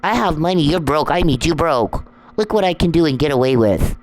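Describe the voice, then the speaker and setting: A woman's voice: low voice, lively intonation, brisk, a little mellow, pitched above the performer's own voice, rough recording. A woman mocking a smug, taunting man with a sing-song, nagging voice that repeats itself. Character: taunting, smug man who harasses her.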